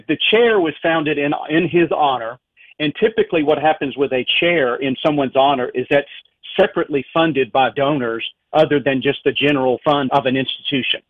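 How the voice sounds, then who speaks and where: A man's voice: fairly high pitch, no echo. A man with a Southern US accent, a guest professor speaking in a radio interview, self-deprecating and laughing often. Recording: tinny phone line.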